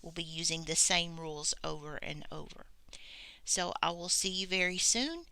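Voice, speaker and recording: Teacher lady talking thru a grammar lesson, low-ish voice but super bright and sharp, patient. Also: normal speed, smooth, no room sound. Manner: patient, explains step by step, thinks aloud.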